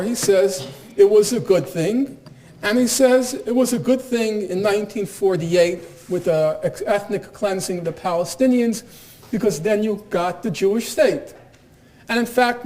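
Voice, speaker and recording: A man giving a university lecture in a measured, deliberate way with dry sarcasm. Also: high-pitched, darkish tone. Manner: measured, deliberate, dryly sardonic. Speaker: guest lecturer.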